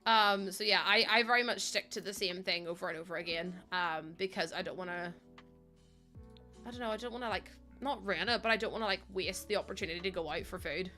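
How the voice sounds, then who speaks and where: A woman's voice: fairly low pitch, brisk, sharp tone, soft background music. A woman in her late twenties, chatting casually and rambling while she streams a game, laughing often. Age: late 20s.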